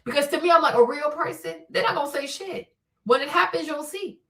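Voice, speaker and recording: A woman's voice: sits high, fairly quick, a bit bright, recorded from a distance. A woman hosting a casual vlog, giving blunt opinions emphatically and with lots of swearing. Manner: emphatic and profane, repeats "okay?" and "right?". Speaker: vlog host.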